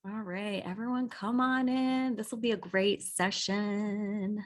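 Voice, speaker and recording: A woman hosting a video call, warmly greeting attendees by name in a bubbly way. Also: medium pitch, steady tone, slow pace. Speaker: webinar host. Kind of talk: welcoming a video call audience.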